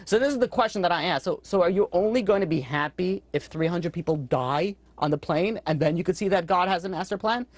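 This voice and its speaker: Man, rabbi-teacher, rapid chatty storyteller, dry close mic. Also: no echo. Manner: quick, conversational, acts out characters with sudden high-pitched outbursts. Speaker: rabbi teaching a weekly class. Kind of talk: storytelling Torah class.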